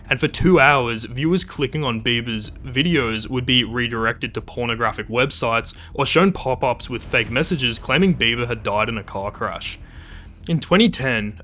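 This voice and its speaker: Guy narrating a youtube doc, wry and animated, regular mid voice. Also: medium pitch. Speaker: documentary narrator. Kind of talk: scripted documentary narration with personal asides.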